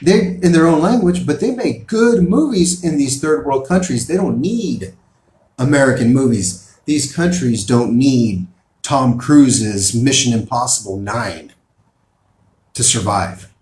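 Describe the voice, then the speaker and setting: A man's voice: mid-range voice, lively intonation, unhurried, a little mellow, reverberant. A man giving opinion commentary, reading out news articles and pressing his points emphatically. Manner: emphatic, rising and falling in bursts.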